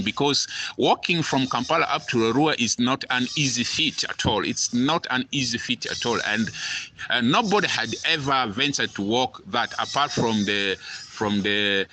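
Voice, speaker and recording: A man from Uganda tells his story as a radio guest, in a bright, forceful voice. He talks earnestly and repeats points for emphasis. A faint hiss of noise sits under him. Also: medium pitch. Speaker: guest activist.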